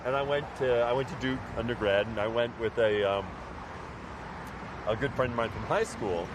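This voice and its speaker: A man's voice: mid-range voice, moderate pace, background noise. Talkative man from New Orleans. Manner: talkative, explains ideas at length. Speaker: podcast guest. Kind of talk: casual chat.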